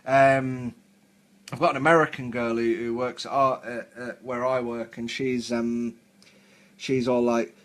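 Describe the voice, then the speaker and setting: A man's voice: mid-range voice, little pitch movement, measured pace. A man from England with a southern English accent, chatting casually on a hobby live stream while painting miniatures at home, rambling and full of fillers.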